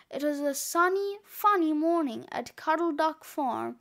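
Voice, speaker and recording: A woman reads a children's book aloud in a high voice. She tells the story slowly and with care. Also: expressive, creaky, a bit bright. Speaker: reader.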